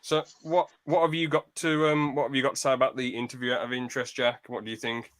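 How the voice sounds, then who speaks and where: A man's voice: medium pitch, flat delivery, quick pace, fairly bright tone. A young British man hosting a podcast, ranting bluntly in casual chat and swearing freely. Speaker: podcast host.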